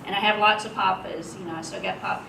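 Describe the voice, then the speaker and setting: A woman's voice: medium pitch, fairly even intonation, fast, vocal fry. A woman speaking at a memorial, telling stories in a chatty way and laughing often. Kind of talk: personal eulogy story. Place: memorial gathering hall. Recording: echoey room, distant mic, noisy.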